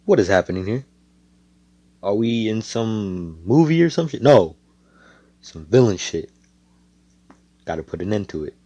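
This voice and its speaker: A man's voice: fairly low pitch, expressive, a little slow, long pauses, dark tone, dry recording, lo-fi sound. A young man casually improvising a fan-fiction story, rambling with profane, jokey asides.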